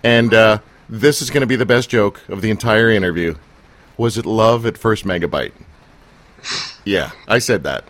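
A man with a fairly low voice hosts a casual, joking interview. He rambles, teases his guest and pads his questions with fillers and asides. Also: moderate pace. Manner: jokey, teasing, with fillers and laughs. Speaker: interviewer and show host.

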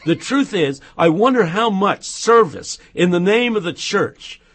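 A man talking as a radio guest, telling stories in an animated, joking way and dropping to a hush for serious points. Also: high-pitched, measured pace, husky. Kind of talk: casual chat and storytelling.

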